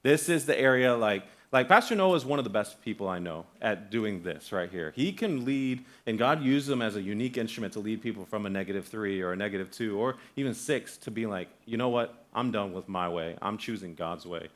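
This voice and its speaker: A man's voice: lowish voice, fairly quick, hardly any pauses. A young adult man preaching a sermon in a church, conversational and full of restarts, acting out the voices in his stories. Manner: animated storytelling, acts out quoted voices. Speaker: guest pastor. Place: church sanctuary.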